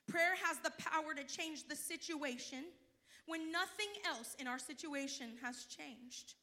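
A woman giving a fervent Pentecostal testimony in church, moving between hushed storytelling and loud cries of praise and calls to the congregation. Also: high-pitched, unhurried.

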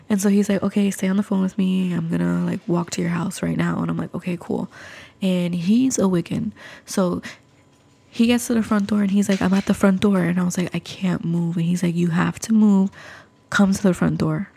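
A woman's voice: fairly low pitch, vocal fry, warm tone, husky. A woman hosting a podcast, telling a spooky story in a chatty way, full of fillers and asides to the listeners. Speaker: podcast host.

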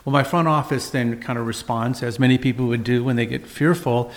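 Man, middle-aged, mid-pitched voice, earnest storytelling, halting fillers. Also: fairly even intonation. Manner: earnest, measured, with frequent uhs and restarts. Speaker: physician and podcast host. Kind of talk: personal storytelling monologue.

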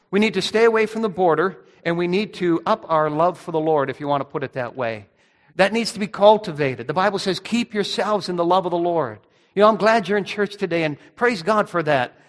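A man's voice: high-pitched, fairly bright tone, long reverb tail. A young adult man preaching a sermon in a church, emphatic, asking the congregation rhetorical questions. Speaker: pastor.

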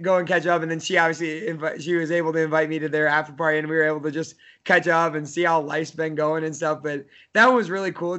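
A man's voice: a little high, fairly bright tone. A man in his thirties, a college soccer coach, chatting casually on a podcast in a rambling way full of fillers and restarts.

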